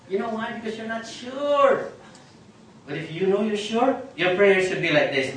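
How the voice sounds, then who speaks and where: A man with a Filipino accent preaching a sermon as pastor, animated and questioning his congregation, sometimes slipping into Tagalog phrases. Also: very high voice, normal speed, a little hiss or hum. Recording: very echoey hall, distant mic.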